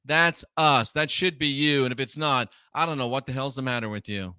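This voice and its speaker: A man with a slightly high, clean, resonant voice lectures on scripture as host of his show. He speaks with forceful brightness and open scorn, hammering phrases again and again. The sound is close and dry. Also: moderate pace, few pauses, clear, resonant tone, no echo. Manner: emphatic and scornful, repeating phrases.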